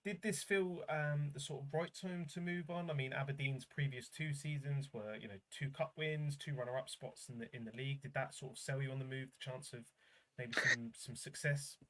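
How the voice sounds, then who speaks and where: A man's voice: medium pitch, steady tone, moderate pace, fairly bright tone. Male host, mid-range voice, leads the interview with hedging questions. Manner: asks questions in long, hedging sentences. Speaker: podcast host.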